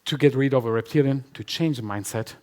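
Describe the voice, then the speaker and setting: A man's voice: medium pitch, fast, darkish tone. Emphatic man on stage. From Albania. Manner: emphatic, repetitive, laughs often. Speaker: conference speaker. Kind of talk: conference talk and Q&A. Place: conference hall with live audience.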